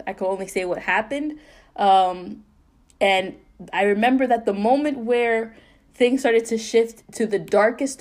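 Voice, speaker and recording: Speaking at a medium pitch, a young woman co-hosting a podcast shares a painful personal story. She's earnest and halting, her speech full of fillers and restarts.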